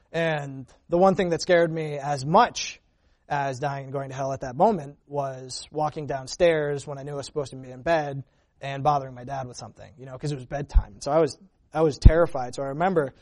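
At church, a man gives a personal testimony, speaking earnestly and conversationally while frequently restarting his sentences. His voice is medium-pitched with a darkish tone.

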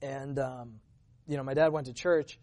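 A man's voice: mid-range voice, fairly even intonation, normal speed, warm tone. A man sharing a personal testimony at church in an earnest, conversational way, often restarting his sentences. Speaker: church member giving a testimony.

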